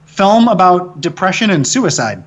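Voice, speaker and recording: A man, a film director, telling stories in a casual interview, excitable and cursing freely as he jokes. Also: sits high, measured pace. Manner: excitable, swears freely, jokey storytelling.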